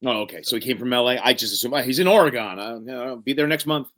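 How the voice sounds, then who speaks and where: A man joins a casual podcast as a guest, voice at a middling pitch. He talks hesitantly and pads his thoughts with fillers as he gives his take. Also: racing, sharp tone.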